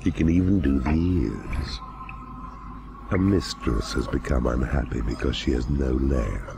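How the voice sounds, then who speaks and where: An actor playing a grave, sardonic dungeon mentor who narrates a game in slow, measured pronouncements, with a very deep, gravelly voice. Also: male voice, full character voice. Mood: solemn. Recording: game audio with music underneath.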